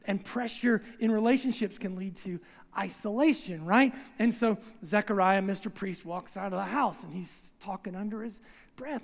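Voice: medium pitch, normal speed, long reverb tail. A preacher giving a conversational sermon who acts out scenes and keeps checking in with the congregation, recorded in a church sanctuary.

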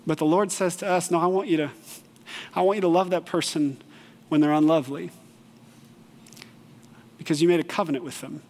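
A man giving a sermon as pastor, earnest and lively, with bursts of animated storytelling. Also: a little high, a little fast, pauses often, big-room sound.

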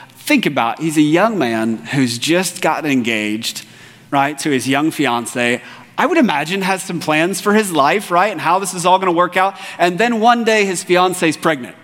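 A man's voice: fairly bright tone, long reverb tail. A male pastor preaching in a conversational way, acting out the words of biblical figures. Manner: conversational preaching, acts out biblical dialogue with rising pitch. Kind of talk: sermon.

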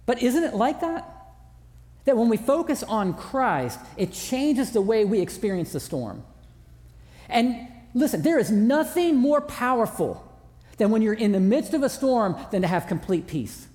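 A man's voice: high-pitched, big pitch swings, a little slow, darkish tone. A man preaching a sermon as pastor in a large church auditorium, conversational with self-deprecating humor. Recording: long hall reverb.

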